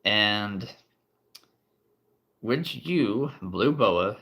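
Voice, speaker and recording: Lively, bright-voiced male game master. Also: fairly low pitch, very slow, breathy edge. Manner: chuckles often, playful, addresses players by name. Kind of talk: narrating a tabletop role-play stream.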